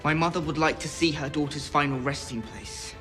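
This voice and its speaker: A man's voice: a little high, fairly quick, fairly bright tone, soft background music, close to an everyday voice. An actor playing a young king with a very posh English RP accent, speaking in an indignant, pleading way.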